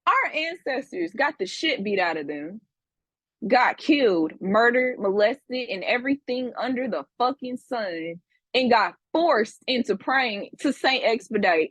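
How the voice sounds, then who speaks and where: A woman's voice: a little high, slightly rough, no echo. A woman teaching a class, scolding her students with profanity and repeating herself for emphasis. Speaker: spiritual teacher. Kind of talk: livestream class lecture.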